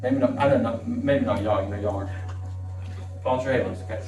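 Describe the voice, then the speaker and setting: Preaching with fervor in a church sanctuary, this middle-aged pastor repeats phrases to drive points home. His mid-range voice is fairly quick and darkish in tone, and the audio sounds dull, with echo, a distant mic, and faint music.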